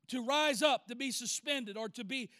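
Preacher, very high bright voice, call-and-response sermon in church. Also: male voice, moderate pace. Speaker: pastor.

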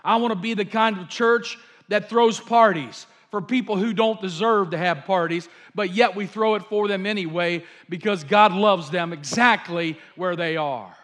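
Male pastor, high-pitched, fervent sermon delivery with fillers. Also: moderate pace, hardly any pauses, fairly bright tone. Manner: fervent, repetitive preaching with fillers. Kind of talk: sermon storytelling.

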